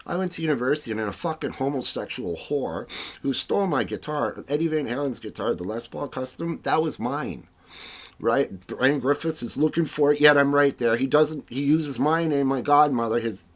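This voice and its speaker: A man giving a rambling, disjointed monologue, dropping to mumbles and then rising into loud, agitated bursts. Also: medium pitch, expressive, moderate pace. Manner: rambling and disjointed, full of "you know" and "right?" tags.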